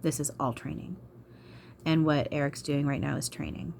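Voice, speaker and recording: A woman's voice: low-pitched, steady tone, moderate pace, vocal fry, darkish tone, slight background noise. A woman channeler talking to camera in an emotional vlog, frustrated, sighing and swearing. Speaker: spiritual channeler.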